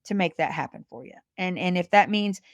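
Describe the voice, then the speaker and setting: This woman in her fifties, a guest representing the massage industry, talks folksy and earnest on a casual podcast, calling people honey. Her voice is lowish with lively intonation and a brisk pace, recorded dry.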